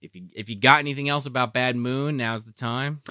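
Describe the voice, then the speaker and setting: A man in his thirties or forties co-hosting a live-streamed show, animated and swearing, plugging his own videos. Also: medium pitch, fairly quick, no room sound, clean studio sound. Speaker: podcast co-host. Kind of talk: casual live-stream chat.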